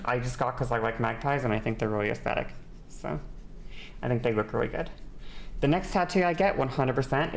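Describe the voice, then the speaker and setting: Low-voiced, gravelly young woman streamer. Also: a little hiss or hum. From Northern Ireland. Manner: chatty and rambling, many "like" and "um" fillers. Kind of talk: casual stream chat during a makeup tutorial.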